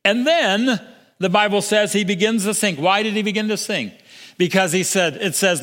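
An older man preaching a sermon, earnest, stumbling over restarts and sinking to soft, low emphasis. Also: normal speed. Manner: earnest, with repeated restarts and soft drops to near-whisper for emphasis. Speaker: pastor. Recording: long hall reverb.

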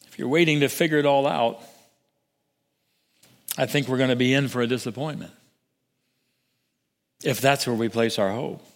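An older man preaching a sermon, earnest, stumbling over restarts and sinking to soft, low emphasis. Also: normal speed, vocal fry, pauses often. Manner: earnest, with repeated restarts and soft drops to near-whisper for emphasis. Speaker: pastor. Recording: long hall reverb.

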